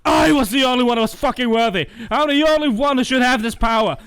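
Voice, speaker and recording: A man voicing an edgy, bitter young villain who rants about dark power. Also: sits high, sing-song, a little slow, no echo, heavily acted. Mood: ranting. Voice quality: yelling, overblown menace. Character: edgy ranting young male villain, bitter and self-important.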